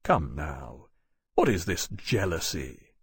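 A man voicing a courteous, kind male captain who speaks formally and gently in an audiobook. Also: fairly low pitch, expressive, fairly quick, breathy edge. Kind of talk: audiobook narration.

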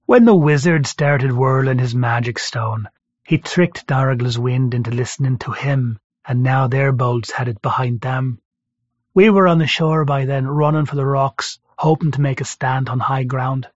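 A man's voice: medium pitch, measured pace, no echo. A man narrating a first-person story as an audiobook narrator, in a dry conversational storytelling manner. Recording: dull lo-fi recording.

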